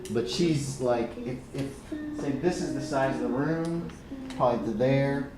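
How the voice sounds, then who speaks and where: A man's voice: medium pitch, measured pace, over loud music. Hesitant male game master, echoey room. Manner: hesitant, many ums and restarts. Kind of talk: narrating a tabletop game. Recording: echoey room with background noise.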